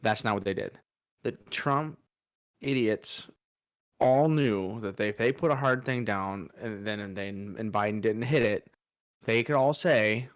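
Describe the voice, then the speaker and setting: Podcast co-host, male, lowish voice, frustrated and emphatic, dry close mic. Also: measured pace, no echo. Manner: frustrated, emphatic, mocking quotes. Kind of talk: political opinion talk.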